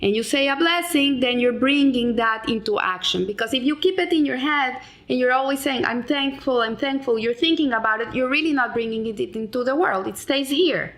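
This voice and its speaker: A woman's voice: high voice, fairly quick, hardly any pauses, fairly bright tone. A middle-aged woman explaining a weekly Torah lesson in an earnest way, with frequent restarts and Hebrew terms. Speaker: Torah teacher.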